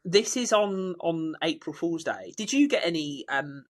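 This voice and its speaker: A man's voice: on the high side, lively intonation, measured pace. A young man, co-hosting a casual podcast chat and telling stories in which he acts out the people he quotes. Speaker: podcast co-host.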